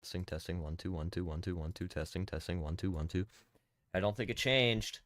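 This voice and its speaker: A man's voice: low voice, fairly quick, a bit bright, no echo, clean studio sound. A man streaming a game, chatting casually, joking, swearing and laughing. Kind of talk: casual gaming stream chat.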